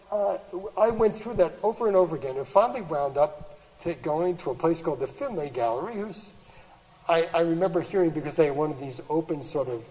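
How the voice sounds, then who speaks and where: A man's voice: on the high side, a little mellow, big-room sound, low-quality recording. An older man giving a talk to an audience at a gallery, telling stories in a rambling way with many restarts and fillers and frequent laughs.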